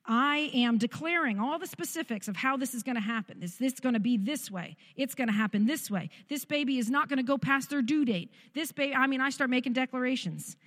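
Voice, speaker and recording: A woman's voice: sits high, brisk, hardly any pauses, fairly bright tone. Candid middle-aged woman in a reverberant hall. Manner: candid, self-mocking storytelling. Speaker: speaker sharing testimony. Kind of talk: personal testimony talk.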